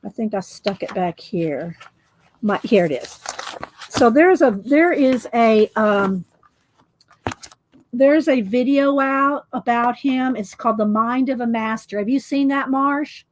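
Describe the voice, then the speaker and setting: A woman's voice: fairly high pitch, lively intonation, slow, slight background noise. Chatty woman rambling through her art books. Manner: rambling, chatty, many fillers and restarts. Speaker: art book vlogger. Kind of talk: casual show-and-tell chat.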